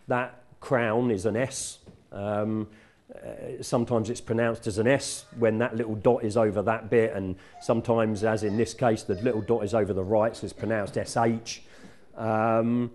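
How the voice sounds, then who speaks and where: Mellow-voiced man preaching conversationally. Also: lowish voice. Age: middle-aged. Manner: conversational, self-correcting, warm teaching tone. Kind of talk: sermon. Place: church.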